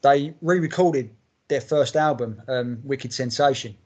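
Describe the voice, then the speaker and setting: A man's voice: medium pitch, a little slow, a little mellow. A man hosting a music podcast, rambling enthusiastically and swearing freely as he talks. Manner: rambling, heavy swearing, enthusiastic fan talk. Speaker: podcast host. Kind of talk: casual chat.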